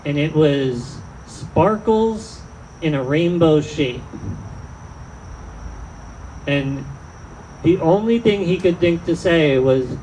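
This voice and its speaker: A man's voice: a little high, lively intonation, slow pace, long pauses, darkish tone, a little hiss or hum, low-quality recording. A man doing a rambling, self-deprecating stand-up set in an outdoor tent, often trailing off mid-thought. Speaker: stand-up comedian.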